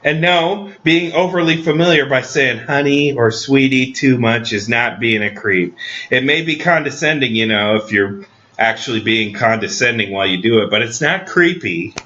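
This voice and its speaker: Bright-voiced deadpan man. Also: mid-range voice, moderate pace. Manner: dry mock-serious delivery. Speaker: comedy podcast host. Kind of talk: deadpan comedic monologue. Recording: slightly dull lo-fi recording.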